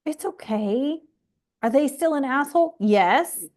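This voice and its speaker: A woman's voice: sits high, animated, a little slow, darkish tone. A woman astrology coach talking casually and candidly to viewers, swearing freely and drifting into rambling asides. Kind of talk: casual monologue.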